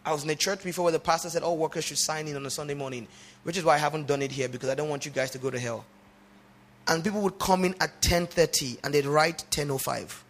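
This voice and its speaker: Male preacher, fairly high and raspy-edged, drives the congregation to repeat after him. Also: fast, fairly bright tone. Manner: emphatic call-and-response preaching. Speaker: pastor. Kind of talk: sermon. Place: church.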